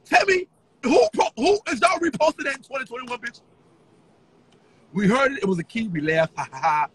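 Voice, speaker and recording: A man ranting on a livestream in a taunting, profane way, with sing-song chants and bursts of shouting. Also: very high voice, animated, fairly quick, heavy background noise. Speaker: social media personality.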